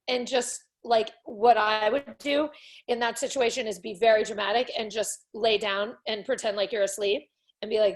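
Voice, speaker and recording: A woman's voice: fairly high pitch, fairly even intonation, moderate pace. A woman coaching a parent with confidence, explaining her advice and acting out short examples.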